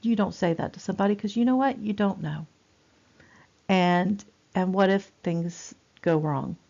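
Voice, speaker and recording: A woman's voice: mid-range voice, a little slow, gravelly, dark tone. A woman, giving a chatty recorded nursing lecture with many fillers and repeats. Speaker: nursing instructor. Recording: dull lo-fi recording.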